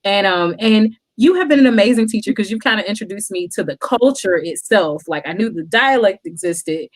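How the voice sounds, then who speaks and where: A woman's voice: mid-range voice, animated, brisk. A woman from South Carolina, a guest telling stories in a casual chat and laughing often.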